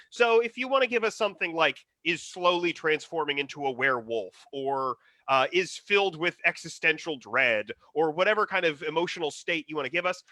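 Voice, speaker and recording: A man's voice: high-pitched, pushed and bright, no room sound. A man co-hosting an online improv comedy show, gathering audience suggestions in an upbeat, announcing way over a video call. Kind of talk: livestream host banter.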